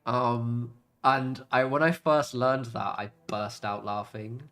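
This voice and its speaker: A man's voice: medium pitch, steady tone, slow, fairly bright tone. A British man chatting casually while livestreaming a game, rambling between topics, laughing often and swearing now and then. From Britain. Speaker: gaming livestreamer. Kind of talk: casual chat while playing.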